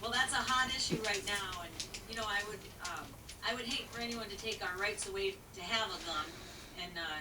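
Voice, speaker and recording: A woman's voice: mid-range voice, brisk, roomy sound, recorded from a distance, noisy background. A woman who is a singer, talking in a folksy, plain-spoken way with many fillers while being interviewed. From rural country. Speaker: singer and guest. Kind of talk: casual interview answers.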